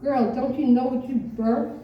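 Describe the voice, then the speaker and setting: A woman's voice: high voice, fairly even intonation, normal speed, a little hiss or hum, pitched above the performer's own voice, natural voice. A woman voicing a stern old southern grandmother who speaks firmly and insistently, read aloud as a story. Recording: echoey dull room from far off.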